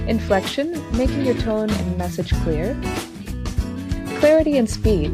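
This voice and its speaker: A woman in her thirties teaching an online speaking course, with clear, carefully articulated and expressive delivery. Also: on the high side. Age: 30s. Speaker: instructor.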